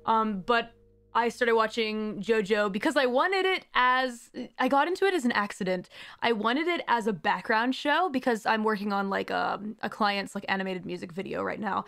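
A young woman hosting a casual chat stream, rambling in an animated way and slipping into playful put-on voices. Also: on the high side, normal speed, vocal fry. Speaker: streamer host.

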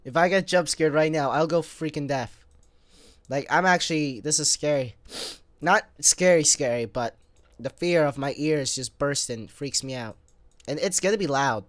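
A young man giving let's play commentary, excitable, talking straight to viewers and grumbling at the game, with fits of sneezing and coughing. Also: a little high, moderate pace, no room sound. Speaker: gamer.

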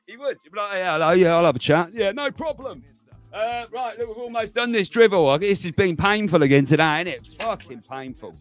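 A man's voice: high voice, normal speed, no room sound, faint music behind. A man hosting a livestream, chatting casually to viewers, rambling and laughing as he goes. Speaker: livestream host.

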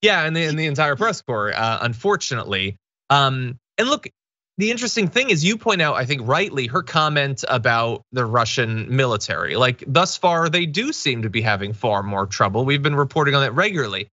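A man's voice: mid-range voice, animated, brisk, sharp tone, no room sound, highs cut off. A man hosting a political commentary show, talking through the news in a conversational, emphatic way with restarts.

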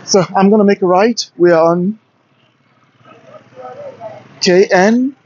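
Slow-paced and high-pitched with a darkish tone, this travel vlogger has a British-influenced Nigerian accent. He delivers an enthusiastic, opinionated walking vlog to camera on outdoor city streets, recorded handheld on a smartphone with lo-fi sound.

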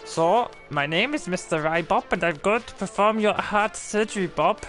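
A man voicing a bumbling, flustered male surgeon in a put-on German accent, loudly cursing and muddling through a game. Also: sits high, normal speed, faint music behind, pitched above the performer's own voice. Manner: loud, exasperated, swearing at objects. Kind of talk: gameplay commentary in character.

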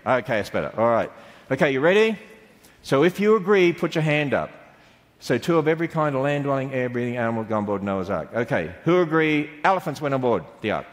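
A man's voice: mid-range voice, big pitch swings, quick pace. A middle-aged Australian man giving a playful church talk to children and quizzing them on the answers. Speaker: speaker to children. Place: large church hall. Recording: long hall reverb.

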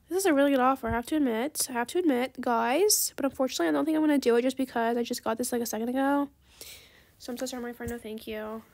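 A woman giving casual gameplay commentary, excitable and gushing, then soft and apologetic when she turns down offers. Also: high voice, gravelly. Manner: apologetic, soft-spoken when declining trades. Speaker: gaming video creator.

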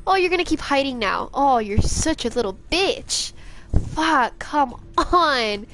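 A woman's voice: high-pitched, animated, a little slow, fairly bright tone, a little hiss or hum. A young woman streaming a video game, cursing, panicking and taunting enemies as she plays. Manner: profane, jumpy, talks back to enemies. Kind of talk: live gameplay commentary.

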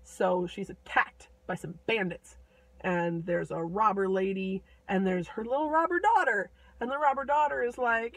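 A woman casually retelling a fairy tale with playful asides and quick voices for the characters. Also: mid-range voice, no echo, rough recording. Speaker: storyteller.

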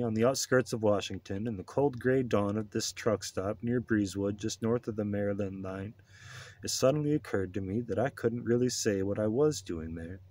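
A man reading an audiobook in a steady, measured narration. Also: lowish voice. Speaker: audiobook reader.

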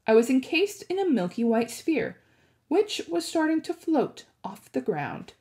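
A woman teacher reading a chapter book aloud and discussing it, with expressive, animated storytelling. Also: high-pitched, measured pace.

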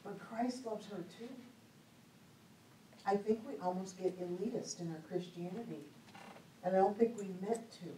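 A woman's voice: medium pitch, moderate pace, pauses often, dark tone, a little hiss or hum. Chatty woman preaching in an echoey hall. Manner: chatty, humorous, laughs often. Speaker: speaker at a church conference. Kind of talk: storytelling sermon talk. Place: church hall. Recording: echoey hall, mic at a distance.

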